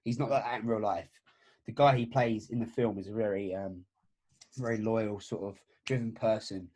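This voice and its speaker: A man from England co-hosting a casual podcast, animated and jokey. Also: fairly low pitch. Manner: animated, jokey, quick to laugh. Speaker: podcast co-host. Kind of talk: casual chat.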